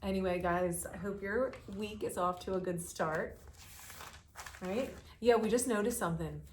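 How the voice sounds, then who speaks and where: A woman's voice: medium pitch, normal speed, darkish tone. Chatty woman doing cruise news, lots of "i guess", bit of hiss behind. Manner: chatty, hedging with "I guess" and "I don't know". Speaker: co-host of a cruise news show. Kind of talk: casual chat reading news.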